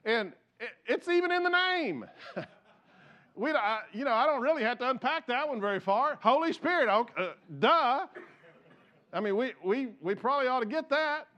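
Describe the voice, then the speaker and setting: A man's voice: very high voice, expressive, fairly quick, bright, forceful tone. A male pastor preaching a conversational, jokey sermon and asking his congregation questions.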